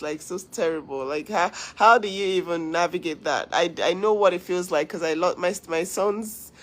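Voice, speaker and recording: A woman's voice: low-pitched, a little hiss or hum, poor audio. A woman hosting a casual livestream, talking earnestly to viewers, giving advice and thanking them. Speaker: livestream host.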